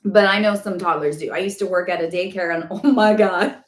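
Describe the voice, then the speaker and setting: A woman's voice: medium pitch, a little fast. A woman hosting a casual live spiritual Q&A, chatty and rambling with lots of fillers. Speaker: spiritual guidance host. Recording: echoey room.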